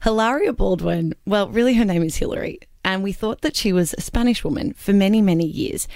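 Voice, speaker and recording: A woman's voice: mid-range voice, darkish tone, no echo. Gossipy woman guest, dry close sound. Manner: brisk, gossipy, laughs easily. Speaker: guest commentator. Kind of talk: casual chat.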